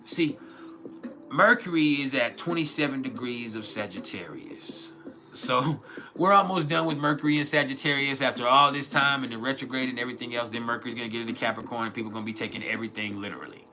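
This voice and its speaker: A man's voice: medium pitch, quick pace, pushed and bright, faint music behind. A man hosting an astrology livestream in a loose, rambling, profane way, full of fillers and restarts. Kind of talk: casual livestream chat.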